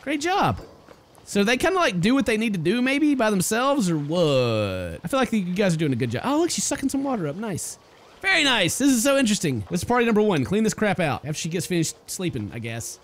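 Young guy doing excitable game commentary, high voice that swings all over, jokes at his tiny colonists. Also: fast talker, few pauses. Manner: excitable, talks to his characters, jokey. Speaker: gaming YouTuber. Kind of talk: casual let's-play commentary.

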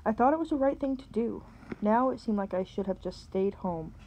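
A woman, a teacher, reading a novel aloud and pausing to explain words. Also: medium pitch, mellow, slight background noise, low-quality recording.

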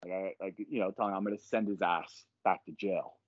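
A man on a podcast, telling a story casually and profanely, with lively acted quotes. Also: deep voice, brisk, dry recording, highs cut off. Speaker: podcast guest.

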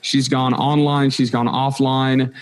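A man's voice: medium pitch, flat delivery, measured pace. Joking, rambling podcast host man. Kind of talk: casual interview chat.

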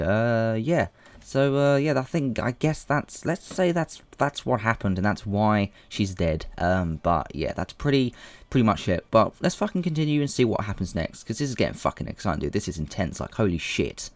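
A man's voice: on the low side, sing-song, moderate pace, dry recording. A young man hosting a reaction video, rambling crudely and saying dude all the time. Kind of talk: casual reaction commentary.

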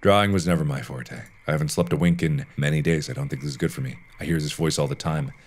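A man voicing a sleepless, mud-covered doctor in a horror game, talking in a hushed, low mutter. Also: fast talker, breathy edge. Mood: weary, paranoid.

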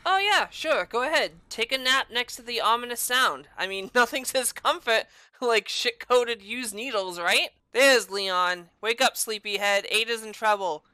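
A woman giving casual gameplay commentary as a let's-play host, sarcastic and profane, with loud outbursts and taunts. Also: fairly high pitch, animated, measured pace, clear, resonant tone, no room sound.

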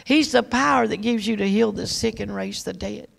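Gravelly woman preaching an emphatic testimony. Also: medium pitch, moderate pace. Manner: emphatic, repetitive storytelling. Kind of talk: testimony sermon.

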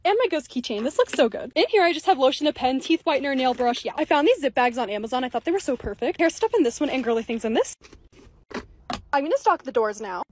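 Young woman, high lively voice, rapid chatty vlog narration, faint background hiss. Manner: chatty, excitable, fast narration of tasks. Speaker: lifestyle content creator. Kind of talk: casual vlog voice-over.

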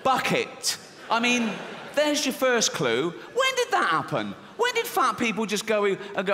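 This English stand-up comic has a very high, bright, forceful voice with huge pitch swings, delivered a little slowly. He spins a crude, sardonic story laced with frequent swearing. Recorded live in a large, reverberant theatre hall, with slight background noise.

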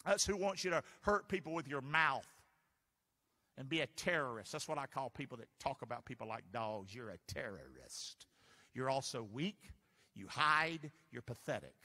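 A man's voice: mid-range voice, moderate pace. A man pastor preaching a sermon, full of call-and-response questions aimed at the congregation. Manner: animated call-and-response preaching, asks the crowd to answer. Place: church sanctuary. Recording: long church reverb.

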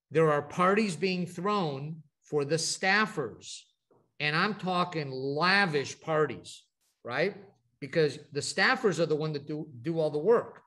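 A middle-aged Texan addresses a group at an advocacy training event in a relaxed, anecdotal style full of tangents and restarts. He speaks with a rather high, slightly bright voice.

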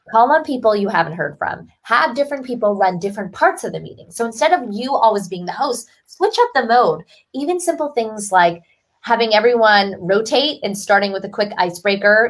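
A woman author speaking as a guest on a podcast interview. She talks in an articulate, upbeat way and moves easily between advice and short stories. Her voice sits at a medium pitch.

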